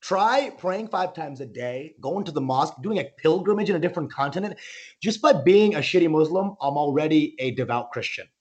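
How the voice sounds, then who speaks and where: A man's voice: a little high, expressive, brisk, darkish tone. A male comedian doing a stand-up set, rambling, interrupting himself and laughing at his own jokes.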